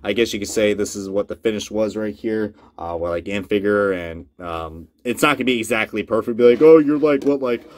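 A man casually reviewing a collectible model car, chatty and swearing freely, often jumping into loud disbelief. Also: on the low side, fairly quick, few pauses, slight background noise. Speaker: diecast reviewer.

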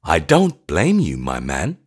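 A man voicing an eccentric gentleman who speaks slowly, sternly and with great deliberation. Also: wildly swooping pitch, slightly rough, heavily acted. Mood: stern, cool. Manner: low, slow, deliberate.

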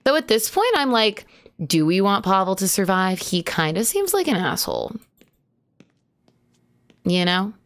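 A woman's voice: medium pitch, very animated, a little slow, long pauses, fairly bright tone. A woman streaming a horror game live, chatting to viewers, yelping at jump scares and swearing casually. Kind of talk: live horror gameplay commentary.

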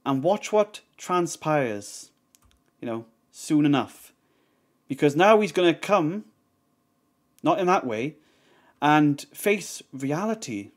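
A man's voice: fairly high pitch, big pitch swings, slow pace, long pauses. Heated man ranting in reaction. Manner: heated, swearing, rambling with many fillers. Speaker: reaction streamer. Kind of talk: reaction commentary.

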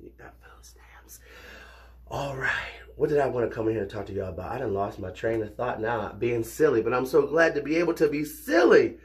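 A man talking casually to his viewers as cousins, playful and animated, his voice still a little hoarse from recent illness. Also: mid-range voice, fast talker, hardly any pauses. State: slightly hoarse, recovering from illness. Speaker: vlogger. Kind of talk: casual direct-to-camera chat.

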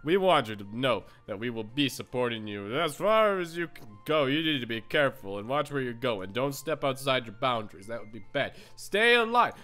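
A man voicing a stern, rambling father in a video game, in a low deadpan voice. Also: brisk, few pauses, faint music behind. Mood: lecturing.

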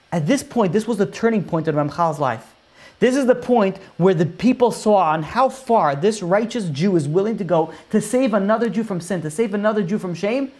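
A man, a rabbi, telling stories in a Torah class, conversational with frequent fillers and restarts, lifting his voice when he quotes characters. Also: fairly high pitch. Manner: animated storyteller who raises his voice for quoted characters.

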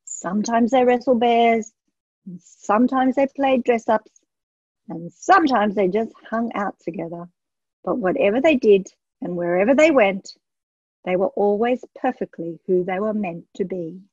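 A woman reading a children's storybook aloud in a gentle, expressive way. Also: medium pitch, unhurried, no echo. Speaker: storybook reader. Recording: dull lo-fi dry sound.

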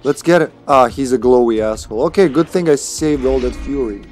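Brief: male streamer with a sore throat, casual cursing play-by-play over quiet game music. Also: medium pitch, a little fast. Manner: swears freely and jokes at the game. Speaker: streamer playing a video game. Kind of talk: casual live gameplay commentary.

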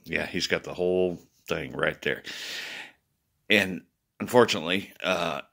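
Guy rambling to his viewers, gravelly low voice, keeps restarting, gets worked up. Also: a little slow. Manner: rambling, restarts, swings between worried and loud. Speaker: video blogger. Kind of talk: rambling casual monologue to viewers.

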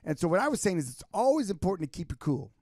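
Animated podcast co-host man. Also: sits high, very fast, no room sound, clean studio sound. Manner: animated storyteller, acts out quoted people. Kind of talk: casual business podcast chat.

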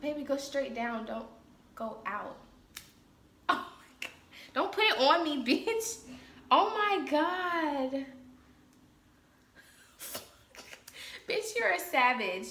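A woman's voice: high voice, big pitch swings, slow pace, pauses often, a bit bright, reverberant, slight background noise. A woman vlogger chatting casually with her partner, giggly and anxious, swearing often and calling her partner baby. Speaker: vlogger doing the waxing.

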